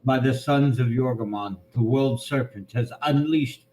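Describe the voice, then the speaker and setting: A man's voice: mid-range voice, measured pace, warm tone, lightly acted, poor audio. A man playing a Viking warrior who gives a solemn, declaiming speech to his crew in a tabletop game.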